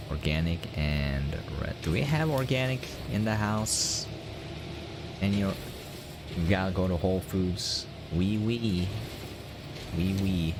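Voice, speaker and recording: A man's voice: sits low, noisy background. A young American man chatting casually while live-streaming a game, rambling and laughing often as he answers his chat. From United States.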